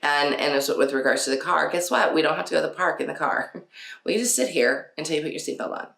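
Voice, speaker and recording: Talking quickly with vocal fry, a podcast host with a deep, slightly bright voice leads a relaxed parenting chat, dotted with laughter and fillers. There's a roomy echo to the sound.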